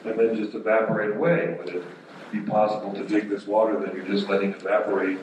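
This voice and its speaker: A man with a lowish voice gives a hesitant public comment at a meeting, filling his pauses and restarting often. He sounds far from the mic in a very echoey hall, with clear background noise. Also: monotone. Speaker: visitor making a public comment.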